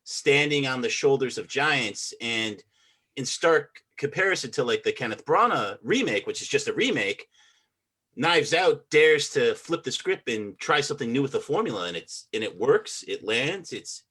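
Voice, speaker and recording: Bright-voiced man chairing a film debate. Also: mid-range voice, normal speed, breathy edge. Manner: relaxed, enthusiastic, frequent "like" and "you know". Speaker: presiding judge of a film debate podcast. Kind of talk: casual podcast discussion.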